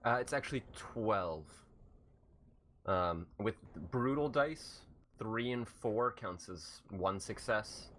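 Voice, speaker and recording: A man narrating a tabletop role-playing game as game master, explaining dice and describing combat with many pauses and fillers. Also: fairly low pitch, a little hiss or hum. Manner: relaxed, halting, many fillers.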